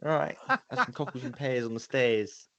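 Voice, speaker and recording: A man's voice: mid-range voice, sing-song, normal speed, bright, forceful tone, dull audio, voice pushed up. A man doing a chirpy, over-the-top Cockney bloke. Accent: Cockney, put on. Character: cheery Cockney man, chummy.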